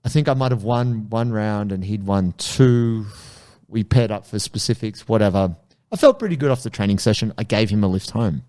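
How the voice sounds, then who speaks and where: A man hosting a casual jiu-jitsu podcast chat, telling stories in an animated way and swearing freely. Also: lowish voice, normal speed. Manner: animated storyteller, swears casually, acts out quotes.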